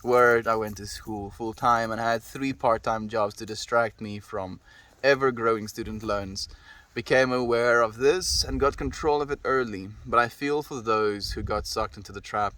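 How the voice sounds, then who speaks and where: A man's voice: medium pitch, steady tone, moderate pace, bright, forceful tone, dry recording. A man in his twenties with a South African accent, chatting casually with his stream chat in a laid-back, rambling way. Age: 20s. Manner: laid-back, rambling, says "dude" and "my friend". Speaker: livestreamer reading chat. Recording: distant mic with faint background noise.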